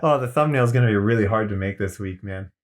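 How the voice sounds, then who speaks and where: A man co-hosting a podcast, reacting to a story with quick jokes and playful teasing. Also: fairly low pitch. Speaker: podcast co-host. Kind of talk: casual chat, joking reactions.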